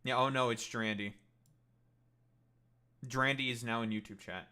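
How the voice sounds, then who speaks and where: Bright, combative ranting man. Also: mid-range voice, fairly even intonation, measured pace, clear, resonant tone. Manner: profane, combative, dismissive; rambling with many fillers. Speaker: streamer. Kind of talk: casual livestream rant.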